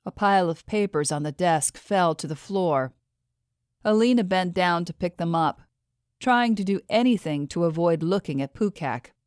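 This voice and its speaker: A woman reading an audiobook with steady, scripted narration. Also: fairly low pitch, normal speed, clear, resonant tone, no echo, clean studio sound.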